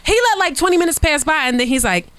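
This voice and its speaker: A young woman hosting a podcast, telling a story in a casual, animated way and acting out other people's lines. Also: sits high, fast, no room sound. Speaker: podcast host. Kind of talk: casual chat.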